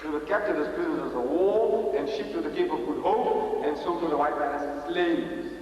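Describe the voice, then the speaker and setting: A man's voice: fairly high pitch, moderate pace, highs cut off. Older man lecturing in an echoey hall. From South Africa. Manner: emphatic, repeats phrases for effect; swings from loud exclamations to quiet asides. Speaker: Muslim public speaker. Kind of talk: public lecture to an audience. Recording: echoey hall recorded from a distance.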